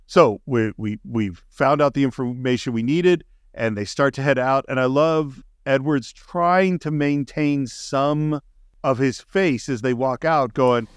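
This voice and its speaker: A middle-aged man talks through a movie scene by scene with eager enthusiasm, in an even, mid-range voice. The sound is dry and close, with no room around him. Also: mid-range voice, measured pace, clean tone, no room sound. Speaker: podcast co-host. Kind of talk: casual film discussion.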